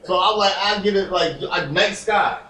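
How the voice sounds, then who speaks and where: A man co-hosting a podcast, chatting casually and chiming in quickly. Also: high voice. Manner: animated, quick to chime in. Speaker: podcast co-host. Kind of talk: casual banter among friends. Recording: echoey room, distant mic.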